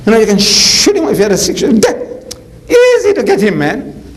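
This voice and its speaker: A bold young shepherd boy pleads to be allowed to fight, cheeky and bursting with eagerness, as an older man with a South African accent puts him on. The voice leaps up high and talks casually. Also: wildly swooping pitch, brisk, heavily acted, rough recording. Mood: eager pleading.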